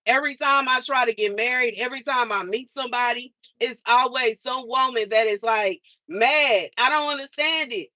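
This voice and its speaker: A woman's voice: fairly high pitch, moderate pace, hardly any pauses, bright, forceful tone, dry recording. A woman livestreaming, venting in an exasperated, slangy way and repeating herself as she complains. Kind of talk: casual livestream rant.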